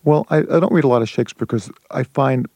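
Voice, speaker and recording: A man, a playwright and translator, answering a radio interview in a halting way with many restarts. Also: medium pitch, mellow, no room sound.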